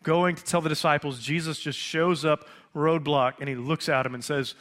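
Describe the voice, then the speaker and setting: A man preaching a conversational sermon, asking rhetorical questions and pausing for effect. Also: a little high, fairly even intonation, fairly bright tone. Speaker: pastor.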